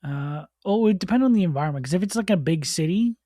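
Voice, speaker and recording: A man's voice: sits high, expressive, fast talker, dark tone, no echo, clean studio sound. A man in casual chat at a game table, easygoing and thoughtful as he builds on ideas. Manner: easygoing, laughs between thoughts.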